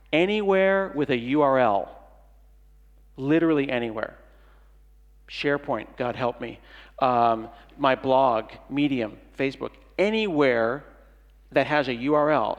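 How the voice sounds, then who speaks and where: A middle-aged man giving a comedic keynote talk at a conference, playful and jokey, acting out little dialogues. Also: on the high side. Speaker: conference speaker. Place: large conference hall. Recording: long hall reverb.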